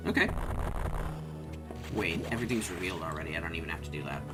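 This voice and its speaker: A man's voice: low voice, expressive, fast talker. A man giving casual, rambling commentary while playing a game on stream, swearing when surprised. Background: game music.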